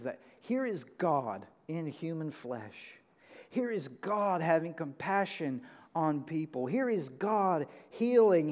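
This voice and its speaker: A man preaching a sermon from a church pulpit, emphatic, jumping from loud high bursts to quiet low lines. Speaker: pastor. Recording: reverberant church hall.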